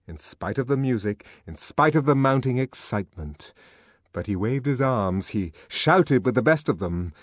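A man reading fiction aloud as a narrator, in a dramatic, expressive manner. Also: mid-range voice, no echo. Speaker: audiobook narrator. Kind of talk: scripted narration.

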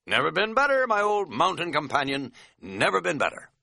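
A man voicing a boisterous, half-drunk middle-aged hiking buddy who talks loudly, jokes and dodges questions. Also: mid-range voice, wildly swooping pitch, normal speed, dry recording, studio quality, voice pushed up, exaggerated voice. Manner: loud, jokey, evasive.

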